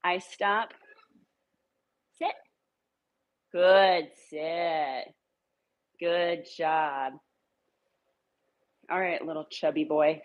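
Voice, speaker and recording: Woman dog trainer, lowish voice, casual and upbeat, coaxing dogs. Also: extremely slow, long pauses, highs cut off. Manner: upbeat, coaxing praise to dogs in a high sing-song. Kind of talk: casual training demo, talking to camera and dogs.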